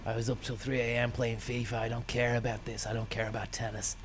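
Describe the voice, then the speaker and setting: A man's voice: mid-range voice, level tone, fast, noisy background, close to an everyday voice. A man doing a sulky young tennis star.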